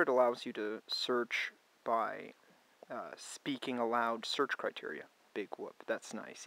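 A Canadian man with a middle-of-the-road pitch talks through a gadget's settings in an easygoing, unscripted way. He wanders into side remarks and drops the odd dry, sarcastic quip. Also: fairly bright tone, poor audio. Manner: chatty, digressive, mildly sarcastic asides. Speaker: tech reviewer. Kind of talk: casual product review walkthrough.

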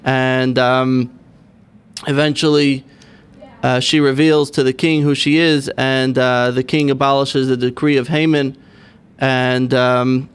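Man, rabbi on radio, smooth resonant voice, halting with fillers, studio mic. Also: mid-range voice, flat delivery. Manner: hesitant, many fillers, earnest. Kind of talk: explaining on a radio talk show. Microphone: studio microphone.

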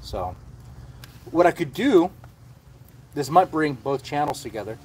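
A man's voice: on the high side, lively intonation, measured pace, darkish tone, slight background noise. A man hosting a casual livestream, rambling and swearing freely as he chats. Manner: rambling and profane, with frequent restarts. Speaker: livestream host.

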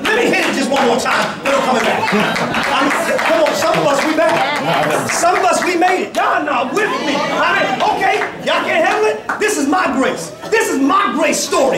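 A man in his forties preaching with a very high voice, moving between laughter and shouted peaks as he calls to his listeners. He is picked up from a distant mic in an echoey church. The congregation can be heard answering behind him. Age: 40s. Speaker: pastor. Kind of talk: sermon. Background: congregation responding.

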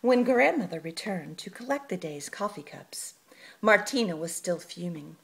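A woman reading a children's story aloud, expressive and playful. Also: fairly low pitch, normal speed, vocal fry, breathy edge.

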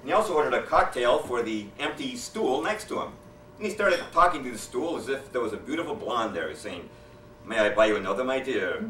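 A man's voice: medium pitch, fairly quick, slight background noise. Man telling jokes in an echoey hall. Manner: deadpan storyteller who acts out quoted characters. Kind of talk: joke telling to a live audience. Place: lecture hall with an audience. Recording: echoey hall, distant mic. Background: audience laughter.

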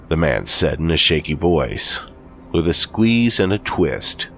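A man narrating a scripted horror story with steady, deliberate storytelling. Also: a bass voice, gravelly, background noise.

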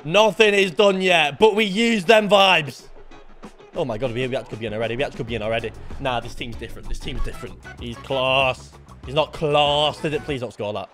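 A young man commentating his own football video game match, muttering under his breath and then bursting into shouts. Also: brisk, faint music behind. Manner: excitable, swings from low muttering to shouted outbursts. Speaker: gaming YouTuber. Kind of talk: live gameplay commentary.

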